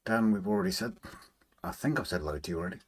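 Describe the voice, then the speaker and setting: A man hosting a relaxed live stream, chatting, greeting viewers by name and humming to himself as he works on a model railway. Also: deep voice, very fast. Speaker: livestream host. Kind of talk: casual live chat, reading out viewer comments.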